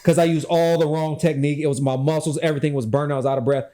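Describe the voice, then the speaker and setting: A man with a slightly high voice tells a story in a loose, laughing, profane way. He is animated and breaks into laughter often as he talks. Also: racing. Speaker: guest, former Secret Service officer. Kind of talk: casual storytelling chat.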